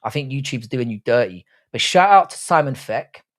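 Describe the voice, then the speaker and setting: A man's voice: mid-range voice, animated, normal speed. A man hosting a casual livestream, reading out chat comments and bantering crudely, with frequent swearing.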